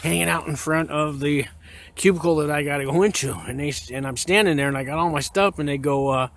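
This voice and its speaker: Sharing prison advice to camera, this ex-inmate rambles through his story casually and openly, restarting often and leaning on fillers. The voice is a little high, fairly bright, and the pace is quick.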